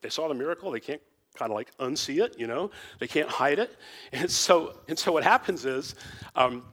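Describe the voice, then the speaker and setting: A man's voice: fairly high pitch, animated, moderate pace, fairly bright tone. A man who teaches the Bible, talking informally and rambling with lots of "you know" and restarts.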